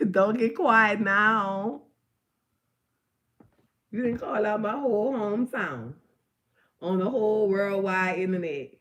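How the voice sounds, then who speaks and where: A woman from the New Orleans area with a New Orleans accent, talking in a rambling live-stream monologue. She is animated, swears, and swings from loud to hushed. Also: mid-range voice, takes it slowly, long pauses. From New Orleans area, Louisiana. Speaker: livestream host.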